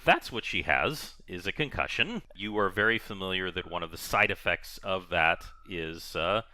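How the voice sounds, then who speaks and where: A lower-voiced man narrates a tabletop game as its game master, his pitch swinging widely as he rambles along with plenty of fillers. His tone is bright and forward, recorded dry and close. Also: animated, normal speed.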